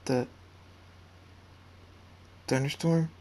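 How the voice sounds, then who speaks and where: A man voicing a lonely, wounded female unicorn pony, speaking quietly and haltingly. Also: medium pitch, steady tone, pitched above the performer's own voice. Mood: weary.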